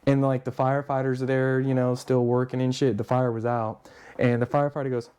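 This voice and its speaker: A fast-talking man with a mid-range voice is a guest on a podcast, relating a long story casually. He swears nonstop and gets animated, performing other people's lines in their voices.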